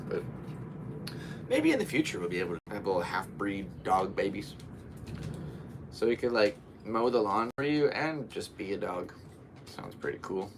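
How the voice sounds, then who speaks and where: A tired young man chats alone on his podcast, rambling and drifting off topic as he yawns. His voice sits low but leaps around with lively swings. A faint hum of room noise sits behind him. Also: gravelly. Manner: rambling and tired, with goofy voices and playful yelps. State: worn out, yawning. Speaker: podcast host. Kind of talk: solo podcast chat.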